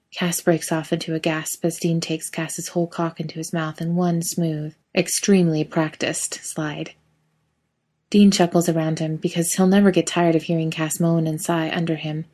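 A woman narrating a fan fiction story in a steady, intimate reading voice. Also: on the low side.

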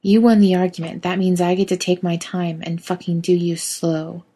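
A woman putting on a wry adult man who meets his partner with dry, teasing retorts. The voice is husky and dark, low in pitch. The tone stays level and unhurried. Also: flat delivery, lightly acted.

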